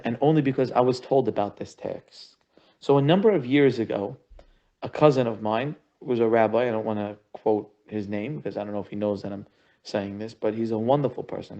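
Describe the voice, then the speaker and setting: Male rabbi, expressive teacher, plays out conversations, repeats for emphasis; muffled lo-fi recording. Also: mid-range voice. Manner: expressive, acts out quoted conversations, repetitive emphatic phrasing. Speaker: rabbi teaching a marriage course. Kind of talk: animated Torah lesson with acted-out dialogue. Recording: dull lo-fi audio.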